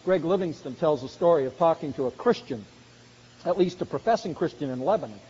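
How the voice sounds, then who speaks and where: A man's voice: fairly high pitch, lively intonation, a little fast, warm tone, breathy edge. A man preaching a sermon, earnest and growing emphatic as he presses his point. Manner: earnest, rising to emphatic exhortation. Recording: dull sound with long hall reverb.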